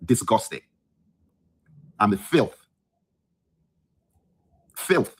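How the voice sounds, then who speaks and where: Just awake in his bedroom, a male podcast host rants heatedly into his phone in a solo livestream. His voice sits on the low side, slightly rough and sing-song, and he talks fast, indignant and emphatic, repeating lines for effect.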